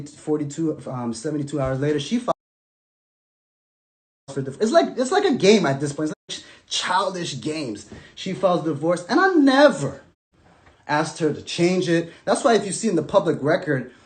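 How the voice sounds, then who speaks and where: Animated man with a lively, higher voice. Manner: animated, swings from loud outbursts to quiet murmurs; loose slang, many restarts and fillers. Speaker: vlogger telling his own story. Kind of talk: casual storytelling to camera.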